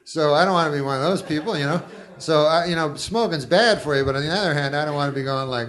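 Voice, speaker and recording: A man doing stand-up comedy on a club stage into a handheld mic, deadpan and rambling with folksy asides, as the audience laughs. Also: on the high side, quick pace, a crowd in the background.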